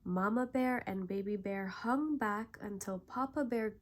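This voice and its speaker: A woman narrating a bedtime story in a calm, gentle way. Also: medium pitch, measured pace.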